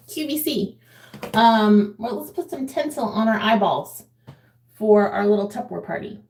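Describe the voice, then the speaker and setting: A woman's voice: medium pitch, reverberant. A woman in her forties chatting casually to a live chat while doing her makeup at home, laughing often. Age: 40s. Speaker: vlogger.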